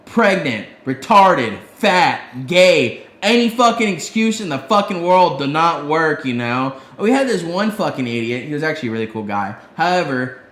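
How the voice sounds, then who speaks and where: A man co-hosting a podcast, telling stories in a casual, profane, animated way. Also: fairly high pitch, moderate pace, hardly any pauses, reverberant. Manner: profane, animated storyteller, heavy swearing. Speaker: podcast co-host. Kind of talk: casual storytelling chat.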